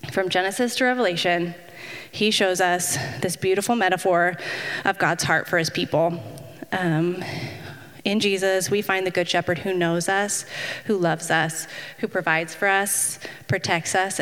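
A woman's voice: on the low side, steady tone, normal speed, fairly bright tone. A woman in her thirties giving a casual, chatty devotional talk, self-deprecating and full of fillers. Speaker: women's ministry speaker. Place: church hall. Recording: long hall reverb.

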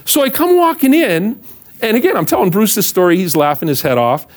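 A middle-aged man preaching as a pastor, telling a funny story about himself. His voice sits a little high for a man and swings widely as he acts out the people in the tale. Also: brisk. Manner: animated, self-mocking storyteller acting out voices. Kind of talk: storytelling sermon.

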